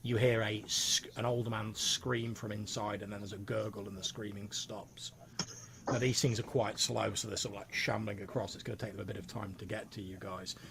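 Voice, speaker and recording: Gravelly-voiced man running a tabletop game. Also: on the low side, moderate pace, background noise. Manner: descriptive, steady narration with many "like" fillers. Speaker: game master.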